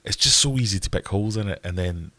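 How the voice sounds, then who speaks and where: A Scottish man with a notably low, deep voice hosts a relaxed livestream. He rambles between topics and rants about them in a joking way. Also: fast talker, no echo. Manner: rambling, jokey ranting. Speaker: livestream host. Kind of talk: casual livestream chat.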